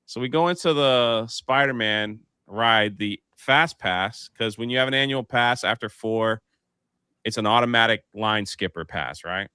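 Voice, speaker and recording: A man's voice: mid-range voice, unhurried, smooth, no room sound, studio quality. A man hosting a casual live panel show, telling a story and acting out the voices in it. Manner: animated, acts out the voices in his anecdotes.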